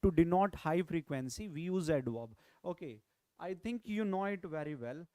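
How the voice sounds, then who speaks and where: A man's voice: on the high side, expressive, moderate pace, dark tone, no echo. A man with an Indian English accent teaches vocabulary in an online lecture, often repeating key phrases and asking "right?" to check in. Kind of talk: online exam-prep lecture.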